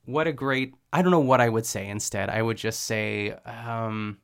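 A man hosting a podcast, chatting casually and rambling with lots of "like" fillers and quick laughs as he recaps a cooking show. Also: medium pitch, clear, resonant tone. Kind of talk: casual chat.

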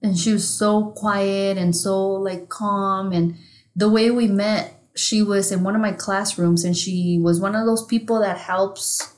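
A woman co-hosting a relaxed podcast, casually chatting. She tells a loose, meandering story, padding it with fillers and correcting herself mid-sentence. Her pitch sits at an everyday middle level. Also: unhurried, low-quality recording. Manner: rambling storytelling with fillers and restarts. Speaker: podcast co-host.

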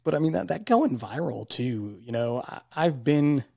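Man, 40s, podcast host; gravelly, husky, dry, casual and candid. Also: medium pitch, animated, moderate pace, mellow, dry recording. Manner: chatty, candid, repeats words. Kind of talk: casual interview chat.

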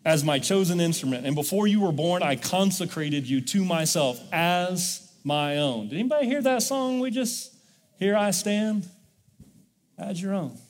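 A man's voice: high-pitched, normal speed, long reverb tail. A male pastor preaching a sermon in a church, leading the congregation in call-and-response. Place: church sanctuary.

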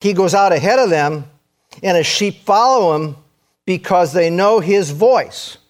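A man with a high voice preaches a sermon to his congregation. He is earnest and repeats key phrases for emphasis. His delivery swings between loud, urgent calls and quiet, intense passages. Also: lively intonation, measured pace.

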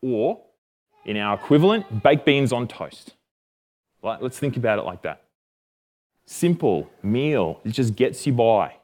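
A man's voice: mid-range voice, sing-song, a little slow, pauses often, a little mellow. A man with an Australian accent giving a casual, jokey Bible lesson, often correcting himself. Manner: chatty and jokey, self-correcting.

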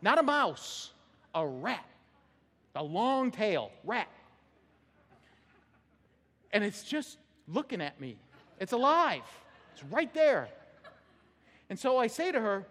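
Male pastor, high and lively delivery, sermon anecdote, reverberant sanctuary. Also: slow pace, long pauses. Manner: storytelling, animated, laughing at own anecdote. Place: church sanctuary. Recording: long hall reverb.

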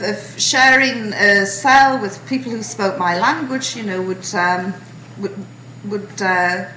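Woman storyteller, bright, wry and animated, echoey hall. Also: mid-range voice, slight background noise. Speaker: speaker recounting her imprisonment. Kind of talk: storytelling talk to an audience.

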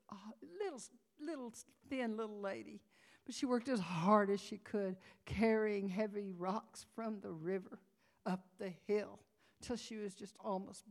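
Speaking at a conference, a woman delivers a sermon in a creaky, medium-pitched voice. She tells a story with great drama, close to tears, her voice sinking to whispers and then climbing to cries.

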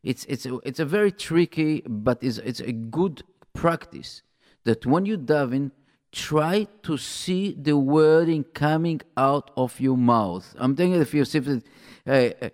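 A man's voice: on the high side, measured pace, a little mellow, big-room sound. A man on a radio talk show, eagerly jumping in with explanations and stumbling over his phrasing, repeating words as he goes.

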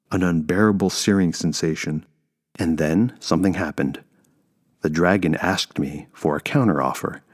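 A man narrating a first-person story in a measured, steady way. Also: low-pitched.

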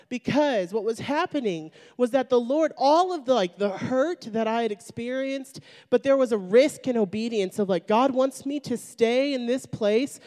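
A woman's voice: a little high, darkish tone. A young woman sharing a personal faith testimony, telling it as a chatty story full of fillers. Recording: long hall reverb.

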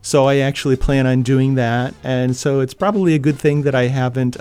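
A man's voice: mid-range voice, fairly even intonation, a little fast, a little mellow, soft background music. A man from New Hampshire, an author reading from his novel with theatrical expression and then talking as a guest. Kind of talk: dramatic reading, then interview talk.

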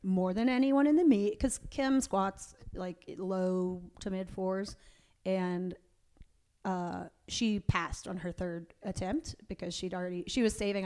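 A woman hosts a casual interview podcast with a mellow, relaxed tone. She tells stories in a chatty, animated way. She acts out what other people said. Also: on the low side. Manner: chatty, animated storytelling with quoted voices. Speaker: podcast host; powerlifting coach and competitor.

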